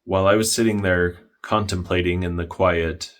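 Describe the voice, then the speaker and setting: Deep-voiced man with dry deadpan narration. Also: normal speed. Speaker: history vlogger.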